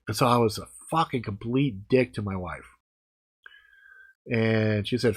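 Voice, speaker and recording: A man in his forties answering viewer comments in a blunt, heavily profane, animated storytelling chat. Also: fairly low pitch, normal speed. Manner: blunt, heavy swearing, animated.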